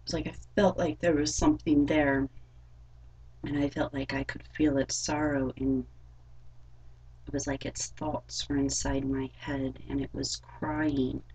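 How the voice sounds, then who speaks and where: A young woman recounts a strange personal experience, rambling and halting with frequent fillers. Her voice is low, very husky and gravelly. She speaks slowly. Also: little pitch movement, darkish tone, dull audio. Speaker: vlogger. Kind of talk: personal storytelling vlog.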